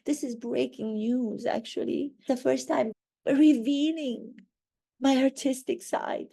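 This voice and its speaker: A woman's voice: high voice, fairly even intonation, takes it slowly, vocal fry, dark tone, heavily acted. A woman playing a vain, self-pitying royal wife in a satirical monologue, talking with melodramatic, wheedling flair.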